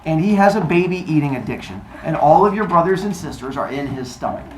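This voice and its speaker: Knowing grandmother goddess, blunt and loud, a man doing her in an echoey room. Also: fairly high pitch, animated, fast talker, slight background noise, close to an everyday voice. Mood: matter-of-fact.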